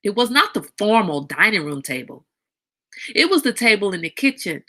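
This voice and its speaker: Outspoken middle-aged lady hosting a chatty stream, bright clear voice, gets animated. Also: normal speed. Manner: outspoken, animated, breaks into high sing-song baby voices. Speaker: host. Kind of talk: casual livestream talk.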